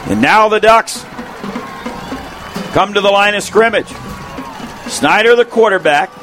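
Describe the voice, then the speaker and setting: A man calling play-by-play at a football game, quick and excited, shouting on big plays, his voice going hoarse. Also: high-pitched, over music. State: losing his voice. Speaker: play-by-play announcer. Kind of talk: play-by-play sports commentary.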